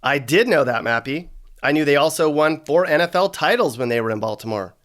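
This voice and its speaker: A man hosting comedic scripted narration with sarcastic, deadpan asides. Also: fairly high pitch, fairly quick. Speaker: host.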